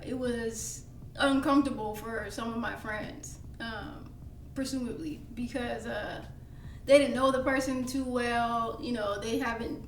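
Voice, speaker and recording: A woman's voice: a little high, fairly bright tone. Reflective woman in a roomy podcast. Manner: measured, reflective, many fillers. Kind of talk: casual podcast conversation. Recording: roomy, distant mic with faint noise.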